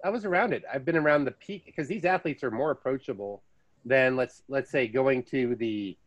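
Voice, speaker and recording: American guy, podcast host, chatty storyteller, easygoing mid-pitch voice. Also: normal speed, muffled recording. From United States. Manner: chatty storyteller, lively asides. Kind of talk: casual chat.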